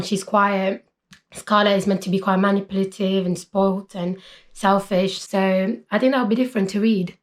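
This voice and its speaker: A woman in her twenties, chatting casually about books as a vlogger, full of fillers like "basically" and "like". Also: mid-range voice. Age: 20s. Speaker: book vlogger. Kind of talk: casual chat.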